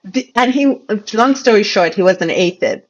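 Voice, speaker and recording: A woman's voice: medium pitch, animated, normal speed, dull audio. A woman physician, a podcast guest, explaining cases in earnest, casual conversation.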